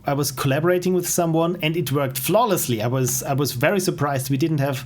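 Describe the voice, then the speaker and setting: A man's voice: a little high, brisk, darkish tone. Enthusiastic man streaming indie games. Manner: enthusiastic, self-deprecating. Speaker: game streamer. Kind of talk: casual streaming commentary.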